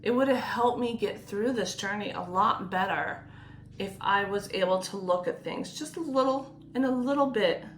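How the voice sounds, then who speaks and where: A young adult woman, a nurse, giving gentle, reassuring sleep advice and speaking openly about her own past struggles. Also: mid-range voice, moderate pace, a little hiss or hum. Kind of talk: personal advice talk to camera.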